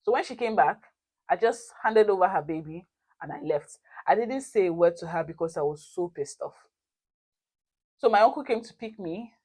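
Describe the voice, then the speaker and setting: Animated woman telling a story. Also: mid-range voice, slightly rough. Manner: animated, expressive storytelling with frequent laughter. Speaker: vlogger. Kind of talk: casual storytime.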